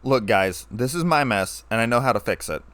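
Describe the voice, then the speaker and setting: A man reading a story aloud, playing a scarred, weary ex-soldier who speaks in a low, flat, calm way. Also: fairly quick, dry recording, close to an everyday voice.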